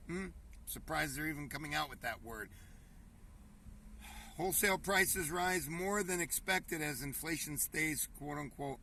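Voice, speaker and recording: A man's voice: a little high, bright, forceful tone, recorded from a distance, a little hiss or hum. A man hosting a casual commentary show, reading news headlines aloud and riffing on them in a rambling, conversational way, often calling his viewers folks.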